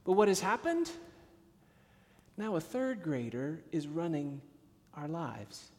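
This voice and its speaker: A man preaching a sermon as a pastor, telling stories and moving from hushed, low passages to emphatic ones. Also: sing-song, slow. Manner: storytelling, swings from hushed to emphatic. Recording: long hall reverb.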